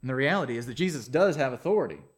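A man preaching a sermon, reading scripture, praying, then telling a story in a relaxed, conversational way. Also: medium pitch, rapid-fire. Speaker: pastor.

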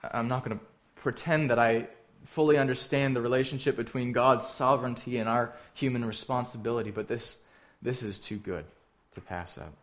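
A man preaching a sermon, earnest and direct, asking the listeners questions and swinging between emphatic lines and hushed ones. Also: mid-range voice, a little fast. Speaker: pastor.

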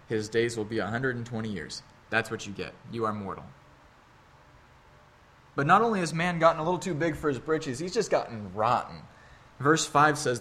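A man in his thirties preaching a sermon in a conversational, earnest way with wry asides. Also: mid-range voice. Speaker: pastor.

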